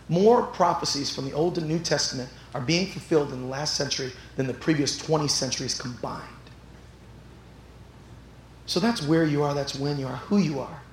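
A man delivers a sermon in a high voice, working his stories up until he is shouting. He speaks from a church sanctuary, and his voice rings through the echoey hall with a faint hum of room noise underneath. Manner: animated storytelling that builds to shouts. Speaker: pastor.

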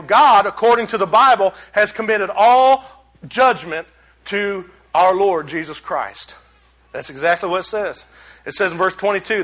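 A man preaching a sermon, addressing the congregation as y'all and swinging between loud exclamations and hushed asides. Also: high-pitched. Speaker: pastor.

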